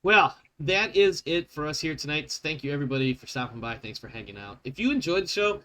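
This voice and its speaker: A man's voice: a little high, lively intonation, brisk, noisy background. A man running a tabletop game as game master, talking casually and rambling, correcting himself as he goes. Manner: rambling, self-correcting, swears freely. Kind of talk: casual out-of-character table talk.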